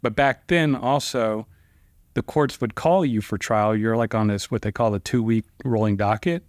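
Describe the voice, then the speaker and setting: A man's voice: fairly low pitch, moderate pace, no echo, clean studio sound. Conversational man telling trial stories. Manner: rambling, conversational, frequent fillers and restarts. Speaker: trial lawyer, podcast guest. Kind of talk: casual storytelling.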